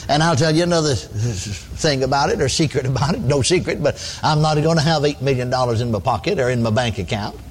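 A man's voice: mid-range voice, fairly quick, few pauses, a little hiss or hum. A man preaching a sermon in a folksy style, often exclaiming praise and asking for amens. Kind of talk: radio sermon.

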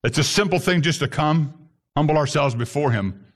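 With a slightly high voice at a moderate pace, a man delivers an animated messianic sermon, using Hebrew terms and at times escalating into shouts.

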